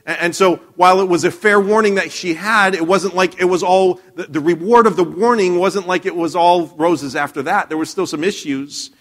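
A man's voice: high voice, normal speed, few pauses, a bit bright. A man preaching a sermon in a church, telling a Bible story conversationally with frequent restarts and questions to the congregation. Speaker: pastor.

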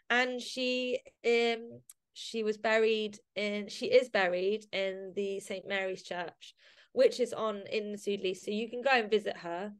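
A woman guest on a casual podcast interview, a society member, speaks emotionally with many fillers and restarts. Her voice is medium-pitched and smooth.

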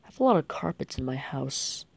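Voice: medium pitch, sing-song, fairly quick, gravelly, darkish tone. A young gaming video creator giving rambling, jokey gameplay commentary.

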